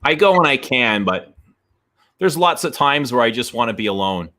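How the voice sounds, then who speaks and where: Bright-voiced Canadian man chatting. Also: mid-range voice, very animated, normal speed. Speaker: stream co-host. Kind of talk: casual chat.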